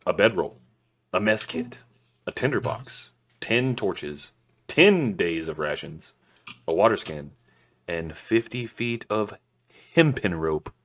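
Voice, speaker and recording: A young man with a low voice, reading out game equipment plainly. He slips in dry jokes between the lists. His manner is easygoing and unhurried. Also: expressive, fairly bright tone. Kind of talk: casual chat.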